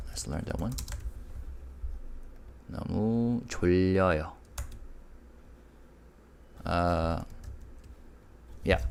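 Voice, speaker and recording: A man's voice: deep voice, smooth. A man teaching a live online Korean lesson, upbeat and patient, spelling out syllables and answering chat questions.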